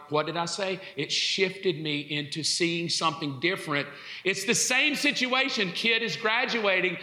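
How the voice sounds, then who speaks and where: A middle-aged man preaching a sermon, telling comic stories in an animated way and bursting into shouts. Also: high voice. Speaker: pastor. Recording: echoey hall.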